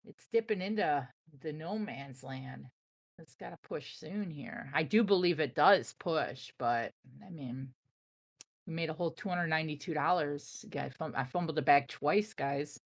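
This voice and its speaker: A woman's voice: sits low, moderate pace. A young woman from the Chicago area with a Chicago accent, chatting casually and brashly with her live-stream audience while she trades. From Chicago area, USA. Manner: animated, brash and joking with chat.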